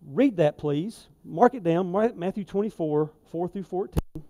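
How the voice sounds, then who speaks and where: A man preaching a sermon in a church, folksy and conversational, with emphatic asides and swings in loudness. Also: high-pitched, expressive, unhurried, a little hiss or hum. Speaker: lay preacher. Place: church sanctuary.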